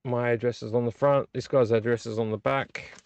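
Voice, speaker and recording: A man's voice: medium pitch, fairly even intonation, a little fast, darkish tone, clear, resonant tone, dull audio. A man hosting a late-night live video stream, rambling and teasing a viewer by name while a little tipsy from drinking. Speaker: vlog host.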